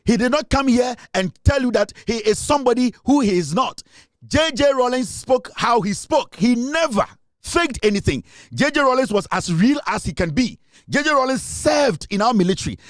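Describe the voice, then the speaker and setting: A man's voice: very high voice, lively intonation, normal speed, no echo, studio quality. A man with a Ghanaian accent delivering a heated, scornful political rant, repeating himself and mixing in Twi. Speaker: political commentator.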